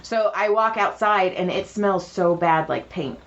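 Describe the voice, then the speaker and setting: A woman's voice: fairly low pitch, a little slow, a little hiss or hum. A woman co-hosting a podcast, telling stories in casual chat and acting out the dialogue of the people in them. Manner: animated, acts out quoted dialogue. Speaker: podcast co-host. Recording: dull lo-fi podcast audio.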